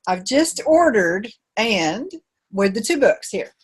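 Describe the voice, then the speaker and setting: A woman's voice: medium pitch, sing-song, slow, breathy edge. A woman hosting an interview show, chatting casually and reading out listener comments. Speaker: podcast host.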